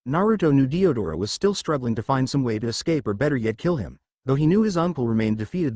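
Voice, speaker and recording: A man's voice: medium pitch, a little mellow, dry recording. Man narrating an action fan story.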